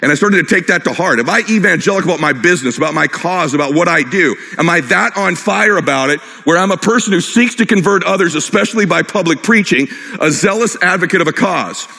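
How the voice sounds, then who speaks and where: Energetic man speaking in a big hall. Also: high voice, gravelly. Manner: fast, punchy, jokes with the crowd. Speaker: keynote speaker. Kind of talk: energetic motivational speech. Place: large hall with live audience. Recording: long reverb of a big hall.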